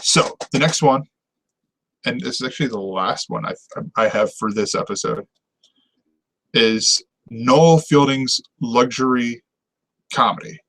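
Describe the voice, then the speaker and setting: Rambling, excitable man reviewing TV. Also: medium pitch, measured pace, pauses often, poor audio. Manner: enthusiastic, rambling, laughs often. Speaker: TV review show host. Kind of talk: casual on-camera review chat.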